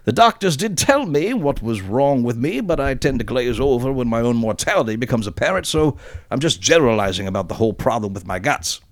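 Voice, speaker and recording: A podcast co-host reading a listener's letter aloud, doing a deliberately bad British accent for the male writer. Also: mid-range voice, animated, dry recording, close to an everyday voice. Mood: mock-pompous. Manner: comic exaggerated reading voice.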